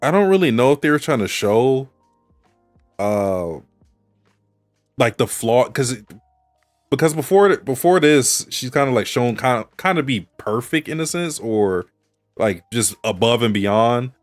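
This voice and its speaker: A man's voice: medium pitch, lively intonation, unhurried, dry recording, faint music behind. A man co-hosting a podcast, casually analyzing an anime episode and thinking aloud with restarts. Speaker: podcast co-host.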